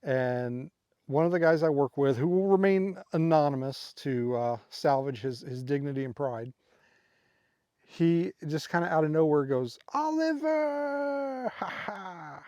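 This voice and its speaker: A middle-aged man vlogging from a campsite, telling rambling stories full of fillers in an easygoing voice. His voice sits at an ordinary middle pitch. The sound is dry and close, with no room echo. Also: normal speed, mellow, clean tone, highs cut off. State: tired from a sleepless night. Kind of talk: casual vlog storytelling. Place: outdoor campsite by water.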